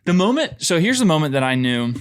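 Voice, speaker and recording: Animated man in casual film talk. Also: fairly high pitch, fast. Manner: animated, acts out his own reactions in quotes. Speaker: podcast co-host. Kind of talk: casual film review chat.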